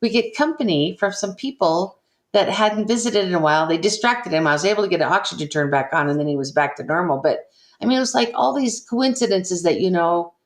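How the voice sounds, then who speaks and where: A woman's voice: lowish voice, lively intonation, a little fast. An older woman, an interview guest, earnestly recounting a personal story and acting out the people in it. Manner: earnest, emotional retelling with quoted dialogue. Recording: echoey room.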